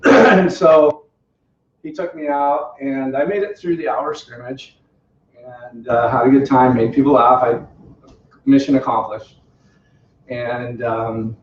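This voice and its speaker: In a home living room, a company representative with a medium-pitched voice casually tells a small group a personal story, chatty and self-deprecating, frequently quoting others and laughing. The home video sounds roomy, distant, and dull, with slight background noise.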